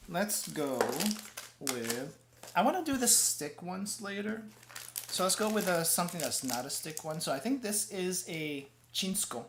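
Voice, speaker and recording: A man's voice: high voice, big pitch swings, takes it slowly, long pauses, noisy background. A man streaming as a VTuber, chatting casually while tasting snacks. He rambles, restarts his phrases, and talks around a mouthful of gum. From United States. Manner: rambling and self-correcting, often restarts phrases.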